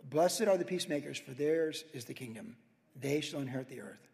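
A man preaching a verse-by-verse sermon in an animated, conversational way, with sudden loud emphasis. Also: a little high, brisk, vocal fry, big-room sound. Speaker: pastor.

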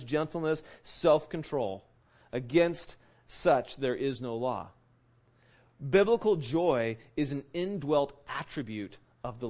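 A man giving a conversational Bible teaching, earnest, often checking in with his listeners and restarting his words. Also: a little high. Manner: earnest, keeps asking "right?", restarts words. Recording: dull lo-fi recording.

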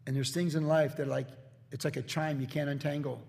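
A man's voice: a little high, flat delivery, fast talker, gravelly, a little mellow, big-room sound. A man preaching a sermon as a pastor, earnest, now and then quoting scripture figures in character. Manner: earnest preaching, slips into acted quotes of biblical figures.

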